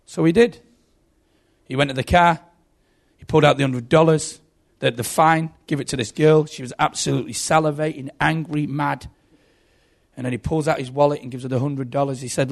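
A man's voice: fairly high pitch, normal speed, creaky. A man preaching a sermon, telling stories with dramatic buildups. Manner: animated storytelling, dramatic buildups.

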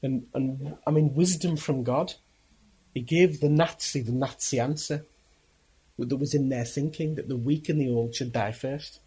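Husky preacher telling a story. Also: male voice, mid-range voice, dark tone, low-quality recording. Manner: earnest, emphatic, halting. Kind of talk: dramatic storytelling sermon.

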